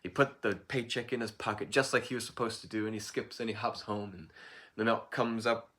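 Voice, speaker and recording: A man casually telling a folk tale in a playful, lively way, throwing in animal noises. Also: on the low side, a little fast. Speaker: storyteller.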